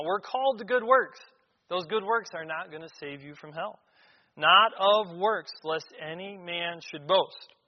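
A man with a fairly high voice preaches a sermon, reading verses and then driving points home with repeated words. His voice rings through a church hall with a long reverb. The sound is dull and lo-fi. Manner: reads scripture aloud then explains it, emphatic repetitions.

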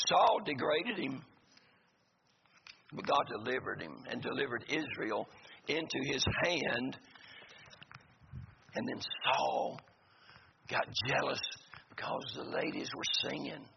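A man's voice: mid-range voice, lively intonation, takes it slowly, pauses often. A man preaching a sermon to a congregation, with folksy, joking asides. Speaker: pastor. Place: church sanctuary. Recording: gravelly voice in a reverberant hall, dull lo-fi sound, faint noise.

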